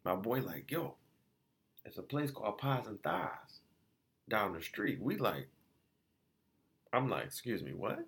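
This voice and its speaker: A man casually reviewing food spots in a vlog, telling it as an animated, slangy story full of restarts and quoted exchanges. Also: lowish voice, measured pace, gravelly, pauses often.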